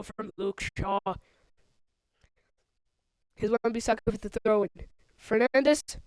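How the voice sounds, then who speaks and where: High-voiced woman calling video game football. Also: slow, long pauses, no room sound, poor audio. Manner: steady player-name calls with sudden excited outbursts. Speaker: livestream commentator.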